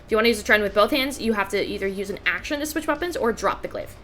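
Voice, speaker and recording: A woman's voice: mid-range voice, lively intonation, rapid-fire, a bit bright, soft background music. A woman running a tabletop game as game master, patiently explaining rules and vividly narrating scenes.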